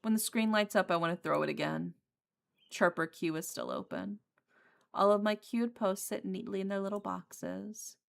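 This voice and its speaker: A woman's voice: mid-range voice, lively intonation, normal speed, gravelly. A woman streamer who reads a visual novel's narration aloud and breaks off into blunt, profane chat, laughing often. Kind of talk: reading game narration and casual chat.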